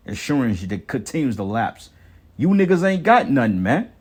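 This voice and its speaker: A man's voice: mid-range voice, very animated, normal speed, a little mellow. A man delivering an angry, profane preaching rant, repeating himself and tagging lines with "man". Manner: heated, repetitive, swearing, ends lines with "man".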